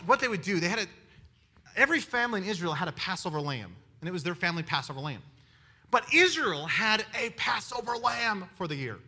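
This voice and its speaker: A man preaching a sermon in an animated way, firing rhetorical questions at his listeners. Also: sits high. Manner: animated, asks the audience many rhetorical questions.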